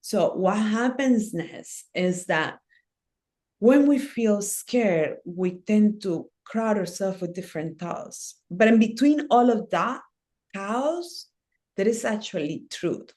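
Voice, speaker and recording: A woman interview guest who talks about healing and ceremonies in an earnest, unhurried way, in short phrases with fillers. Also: mid-range voice, lively intonation, a little mellow. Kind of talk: reflective conversational interview.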